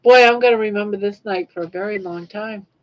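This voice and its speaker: A woman's voice: mid-range voice, a little fast, highs cut off. A woman in her sixties hosting a casual livestream, chatting emotionally with viewers and reading their comments. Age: 60s. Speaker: livestream host.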